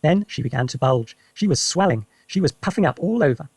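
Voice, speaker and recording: A man reading a children's story aloud for English learners with lively, expressive narration. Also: medium pitch, brisk, creaky, breathy edge, dry recording. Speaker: reader.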